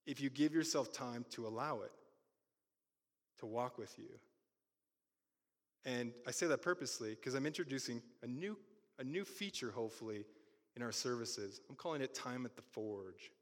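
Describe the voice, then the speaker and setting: A man preaching a sermon as pastor, reading scripture and retelling it with vivid, animated bursts of emphasis. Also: mid-range voice, moderate pace, long pauses. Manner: animated storytelling with sudden loud bursts. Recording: long hall reverb.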